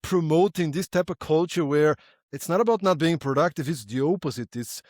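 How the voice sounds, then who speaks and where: A man's voice: on the high side, a little fast, darkish tone, no echo. Playful male podcast host, dry sound. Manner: playful, upbeat, acts out little voices in his anecdotes. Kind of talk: conversational interview.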